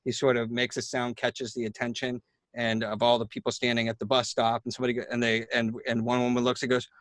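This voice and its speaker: A man hosts the conversation, telling a story casually and growing animated, with lots of restarts. His voice sits at a middling pitch. The recording is dry and close, with no room sound. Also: quick pace, dry recording. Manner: chatty, animated when telling anecdotes, with many restarts. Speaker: host.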